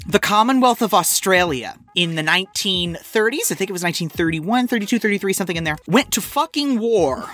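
A woman co-hosting a podcast in casual chat, playful and quick to laugh and do impressions. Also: medium pitch, lively intonation, fairly bright tone. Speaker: podcast co-host.

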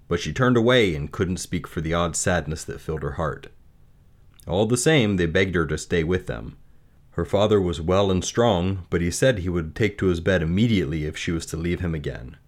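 A man reading a fairy tale aloud and then reflecting on its lessons, in a measured, gentle way. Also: deep voice. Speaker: storyteller.

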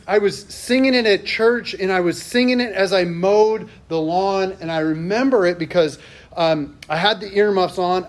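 Conversational male pastor preaching a sermon. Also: high voice. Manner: conversational and storytelling, with self-deprecating asides.

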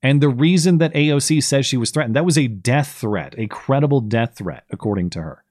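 A male host delivering political commentary in a mid-pitched voice. He talks with a sarcastic, mocking edge. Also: lively intonation, brisk, a little mellow, dry recording, studio quality. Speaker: podcast host.

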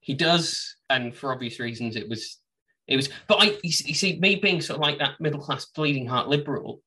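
A man's voice: medium pitch, a little fast, pushed and bright, far from the mic, low-quality recording. A man co-hosting a casual wine podcast, telling rambling, self-deprecating stories. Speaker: podcast co-host, wine trade. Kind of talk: casual chat.

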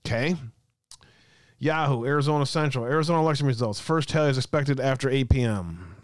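A man hosting a live stream, chatting with viewers in a loose, joking way and laughing often. His voice is smooth and resonant. The sound is dry and close to the mic. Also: medium pitch, brisk, no room sound. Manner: chatty, reads chat aloud, laughs often. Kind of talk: casual live-stream chat.

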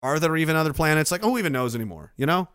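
A man's voice: fairly high pitch, expressive, very fast, a bit bright, clean tone, no room sound, clean studio sound. A middle-aged man hosting a casual livestream, reading out viewer messages and reacting with sarcastic, swearing rants. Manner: sarcastic, ranting, swears freely.

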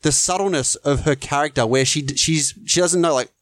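A man co-hosting a podcast with a slightly raised pitch, pushing his point in a heated film debate. He speaks emphatically and insists on his view. The recording is close and dry. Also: moderate pace, no room sound. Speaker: podcast co-host.

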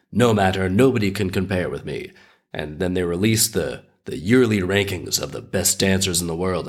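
A man hosting a podcast, retelling a fairy tale in a sardonic, animated way while still recovering from an illness. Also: low voice, slightly rough. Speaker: podcast host.

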